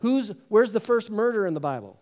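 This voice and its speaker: High-voiced man preaching a sermon. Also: big pitch swings, brisk, darkish tone. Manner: conversational, joking, acts out story voices. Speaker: pastor.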